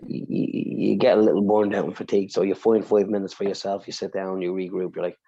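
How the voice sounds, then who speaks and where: Gravelly man telling a heartfelt story. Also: low-pitched, little pitch movement, fairly quick, few pauses, dark tone, muffled recording. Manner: swears freely, tells stories with feeling. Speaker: podcast co-host. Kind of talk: emotional personal storytelling.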